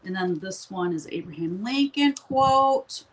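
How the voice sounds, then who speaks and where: A woman's voice: medium pitch, expressive, measured pace, a little hiss or hum, poor audio. A woman hosting a live stream from her studio, chatting casually in a rambling way and laughing often.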